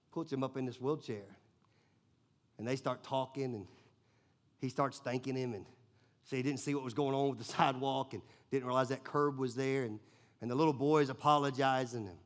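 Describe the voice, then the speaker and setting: A man from Tennessee with a Southern accent, a pastor telling a sermon story, swinging between loud bursts and hushed moments. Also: mid-range voice. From Nashville, Tennessee, US. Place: church.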